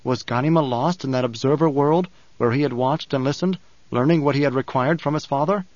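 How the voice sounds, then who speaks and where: A man narrating an audiobook in a measured, dramatic reading style. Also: medium pitch, a little mellow, dry recording. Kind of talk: scripted narration. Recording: dull, dry recording.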